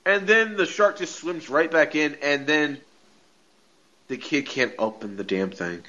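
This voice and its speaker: A man with a somewhat high, bright, forceful voice chats loosely through a TV episode recap, stringing thoughts together with "like" and breaking into laughter. The audio is dull and lo-fi, as on a home podcast setup. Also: unhurried. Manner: rambling, heavy on filler "like", laughs often. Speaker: podcast co-host.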